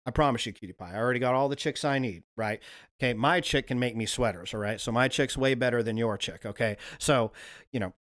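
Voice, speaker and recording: A man's voice: mid-range voice, quick pace, a bit bright. A man hosting a livestream, talking in a loose, rambling, profane monologue. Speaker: livestream host.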